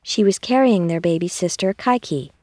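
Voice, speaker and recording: A woman reading a children's story aloud in a calm, measured way. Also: fairly low pitch, no room sound. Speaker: narrator.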